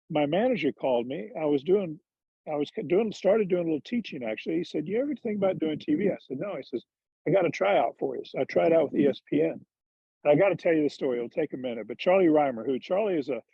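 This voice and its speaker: Candid, self-deprecating storyteller, man, husky and mellow, dry lo-fi call audio. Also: a little high, expressive, brisk, no room sound. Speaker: former tour golfer and TV commentator. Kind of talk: casual interview storytelling. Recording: dull lo-fi dry sound.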